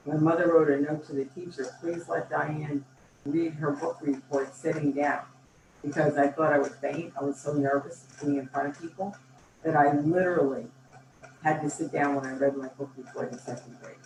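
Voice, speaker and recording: With a low, darkish voice, this older woman, a company founder, tells animated anecdotes as an interview guest, chatting eagerly and acting out quotes. The mic sits far off in a roomy space, picking up faint ambience and a slight hiss or hum.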